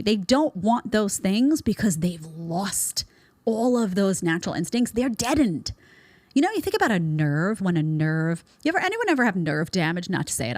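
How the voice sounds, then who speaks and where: A woman in her thirties hosts a commentary show, talking bluntly and sarcastically. Her voice sits a little low for a woman. The sound is close and dry, with no room around it. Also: dry recording. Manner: blunt, sarcastic, mocking put-on voices in quotes. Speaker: show host. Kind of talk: opinionated commentary monologue.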